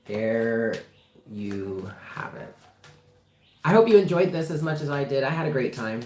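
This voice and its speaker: An impassioned tarot reader talking straight to viewers in a livestream, pressing points hard and swearing freely. The voice sits mid-pitch, and the room gives it a roomy echo. Phrases come back again and again for emphasis. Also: lively intonation, a little slow, a little mellow, a little hiss or hum.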